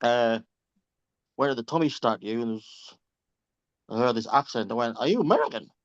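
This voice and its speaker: Over slightly dull, dry lo-fi call audio, a man in a reading group tells casual anecdotes, swearing freely and laughing along. His medium-pitched voice has fairly even intonation, a normal pace, and a clean tone.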